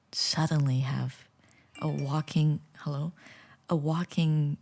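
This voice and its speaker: Woman, vlogger, casual storytelling, deep voice, vocal fry. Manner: chatty, animated, drops to whispers.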